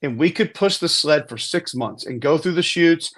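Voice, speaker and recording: A man with a voice on the high side, lively intonation, a moderate pace, and a fairly bright tone breaks down football on a podcast. He's a football analyst guest in casual sports podcast talk, emphatic and conversational, often restarting his sentences.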